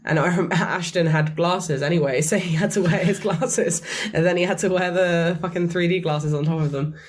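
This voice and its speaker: A woman with a hoarse, croaky voice, chatting casually and rambling as a podcast co-host. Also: lowish voice, steady tone, normal speed, a little hiss or hum. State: hoarse, croaky after a late night. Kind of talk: casual chat.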